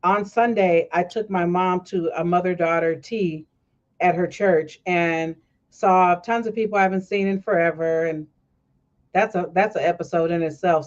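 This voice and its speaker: A woman hosting a casual talk stream, telling stories with energy and acting out the people she quotes. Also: fairly low pitch. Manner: animated storytelling, acts out quoted voices. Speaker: host. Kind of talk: casual chat. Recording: dull lo-fi stream audio.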